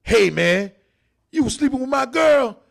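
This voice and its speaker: A man's voice: extremely high pitch, animated, unhurried, gravelly, pitched above the performer's own voice, heavily acted. A man doing an oddly polite gunman. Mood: mock polite. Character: polite male gunman, overly formal.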